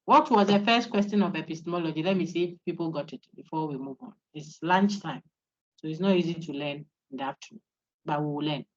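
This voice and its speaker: A woman giving an online university philosophy lecture, coaching students to repeat names after her. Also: lowish voice. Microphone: video call. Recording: dull lo-fi online call audio.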